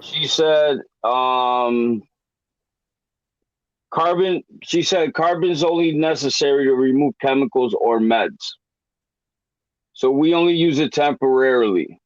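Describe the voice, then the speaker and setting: A man's voice: medium pitch, slow, long pauses, no echo, muffled recording. A man chatting casually on a podcast in an easygoing way, using many fillers.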